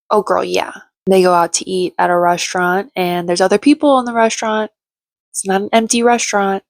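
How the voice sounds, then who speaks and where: A woman's voice: fairly low pitch, little pitch movement, moderate pace, dry recording. A young woman recapping a reality show in casual, gossipy, sarcastic chat. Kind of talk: casual chatty commentary.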